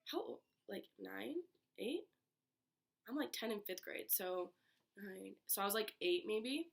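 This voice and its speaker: A young woman from Michigan, raspy from being sick, chatting casually on her bedroom floor into a laptop. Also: mid-range voice, a bit bright. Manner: chatty, many filler "like"s. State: getting over being sick. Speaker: vlogger. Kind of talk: casual chat.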